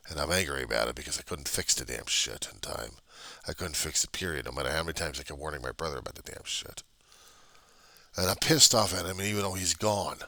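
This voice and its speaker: A rumbling low voice with lively intonation comes through a computer webcam, fairly quick, pushed and bright, with no room sound. The man is recording an agitated personal diary, going over the same points and cursing often.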